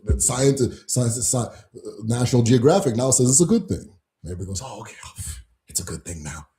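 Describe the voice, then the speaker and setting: A man's voice: mid-range voice, a little mellow. A man hosting his own channel, ranting casually and mockingly to camera, swearing and laughing often. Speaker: host of a channel on Igbo spirituality. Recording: roomy echo.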